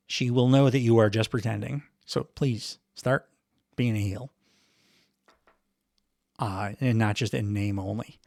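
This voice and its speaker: A middle-aged man with a mid-range, darkish voice hosts a podcast, recorded dry in a clean studio. He gives a casual, wry wrestling recap, rambling with lots of fillers and frequent chuckles.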